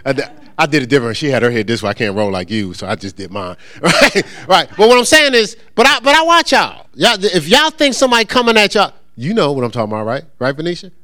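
Fast and very animated, a pastor with a fairly high, pushed and bright voice barely pauses while preaching. He calls out to his congregation for answers, jokes with them and acts out quoted voices in this interactive sermon.

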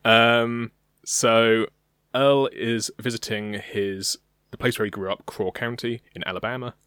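A man's voice: mid-range voice, steady tone, unhurried, fairly bright tone, clear, resonant tone, dry recording, clean studio sound. A young British man co-hosting a podcast, talking casually and hesitantly, with many ums. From Britain. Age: young adult. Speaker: podcast co-host. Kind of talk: casual chat.

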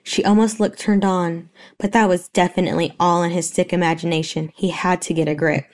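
A woman narrating a romance story in a steady, even reading voice. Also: lowish voice, fairly quick.

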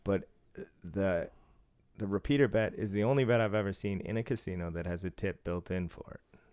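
A man's voice: low-pitched, a little fast, a little mellow. A man co-hosting a podcast in casual chat, blunt and profane, laughing often. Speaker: podcast co-host. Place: studio room.

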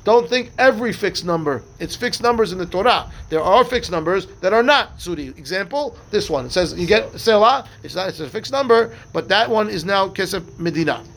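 Gravelly high-voiced rabbi teaching. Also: male voice, expressive, brisk, hardly any pauses, fairly bright tone. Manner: explains step by step, asks and answers himself, mixes Hebrew and Aramaic terms. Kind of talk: live Talmud class.

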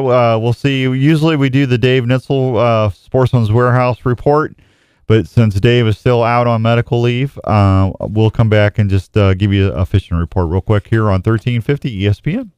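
A man's voice: medium pitch, normal speed, clean tone, no room sound, dull audio. A man hosting an outdoors radio show in a studio, chatting casually and rambling a little as he reads hunting and fishing reports. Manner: rambling, self-deprecating, reads reports aloud. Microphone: studio microphone.

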